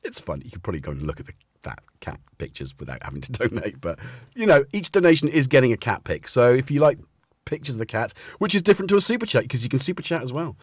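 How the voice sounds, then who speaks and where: Rambling, lively man hosting a stream. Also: mid-range voice, quick pace, husky, dry recording, clean studio sound. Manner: rambling, chatty, trips over words. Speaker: livestream host. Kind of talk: casual livestream chat. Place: room at home. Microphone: desk mic with headphones.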